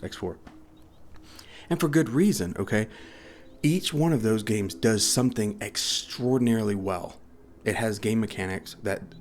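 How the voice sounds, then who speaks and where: Low-voiced American man, tired, rambling vlog chat, faint room hum. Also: darkish tone. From United States. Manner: rambling, repeats words, says okay a lot. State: short on sleep. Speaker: gaming YouTuber. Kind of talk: casual rambling video chat.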